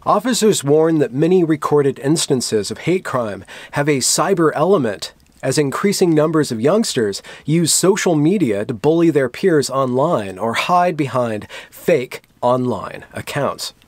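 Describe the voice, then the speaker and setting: A man with a slightly higher voice reads news text aloud and cuts in with dry, sardonic asides. He keeps a sarcastic commentary tone throughout. The recording is dry and close, with no room sound. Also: lively intonation, a little slow, no echo. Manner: dry, sardonic asides between read-out quotes. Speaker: commentary vlogger.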